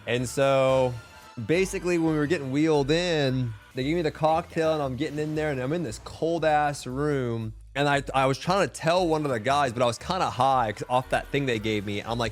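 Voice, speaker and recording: A man's voice: mid-range voice, normal speed, faint music behind. A young man and streamer telling a story in casual chat, rambling with lots of filler words and swearing.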